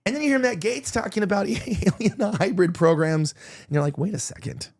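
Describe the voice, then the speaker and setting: A man's voice: sits high, expressive, moderate pace, creaky, a little mellow. A man hosting a casual opinion show, rambling and emotional, with many restarts and provocative jokes. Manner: provocative joking. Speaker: podcast host.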